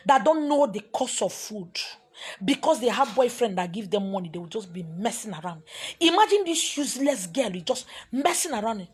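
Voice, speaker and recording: A woman with a Nigerian accent telling a story in an animated way, slipping into Igbo and pidgin. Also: mid-range voice, slightly rough. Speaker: spiritual teacher. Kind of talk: storytelling talk.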